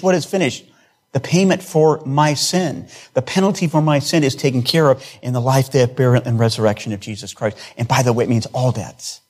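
A man's voice: medium pitch, slightly rough. Earnest male pastor preaching. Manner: earnest, rising emphasis with repeated phrases. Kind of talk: sermon.

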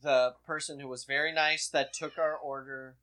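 A man from the chats as a podcast co-host, his plain as he tells jokey stories. His voice is bright and forward, sitting at an ordinary pitch, and he swoops up and down for comic emphasis. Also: level tone, normal speed. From Midwestern United States. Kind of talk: casual chat.

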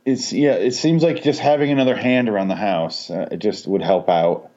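A man with a fairly low voice is chatting casually on a podcast. He swears freely, laughs often and tells stories with energy. The recording sounds dull and lo-fi. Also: moderate pace. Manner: profane, laughing, animated storytelling. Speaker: podcast co-host. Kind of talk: casual movie discussion. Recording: dull lo-fi audio.

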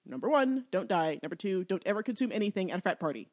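A woman co-hosting a podcast, recapping a TV episode in an animated, wry way with frequent giggles. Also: mid-range voice, fast talker. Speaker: podcast co-host.

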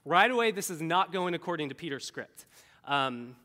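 Bright-voiced preacher in an echoey hall. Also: male voice, fairly high pitch, normal speed. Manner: animated, acts out quoted voices. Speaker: pastor. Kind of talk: sermon.

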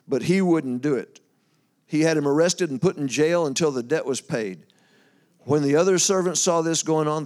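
A man delivers a sermon in a relaxed, conversational way, his voice sitting a little high for a man. He reads scripture aloud, stops to explain it, and chats with his listeners. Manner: folksy, talks to the congregation, loses his place and laughs. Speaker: preacher.

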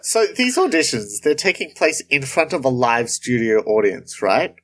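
A man's voice: medium pitch, big pitch swings, normal speed, a bit bright. A man co-hosting a podcast, casually chatting and raising skeptical questions. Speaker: podcast co-host. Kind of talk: casual chat.

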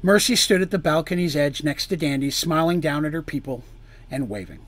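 Higher-voiced man reading a dark fantasy tale. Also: brisk, no room sound. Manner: expressive reading that drops low and quiet on grim lines and rises loud on tense ones. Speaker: storyteller. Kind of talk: dramatic fantasy story reading.

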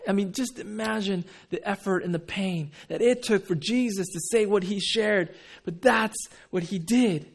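A man preaching a sermon. He drops to hushed tones and acts out quoted pleas. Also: sits high, normal speed, vocal fry, hardly any pauses, husky. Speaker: pastor.

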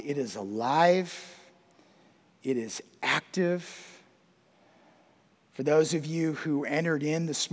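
Male pastor, sermon delivery, unhurried and emphatic, hushed on scripture, reverberant sanctuary. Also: a little high. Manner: emphatic preaching, drops to a hush on quoted verses. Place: church sanctuary. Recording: long hall reverb.

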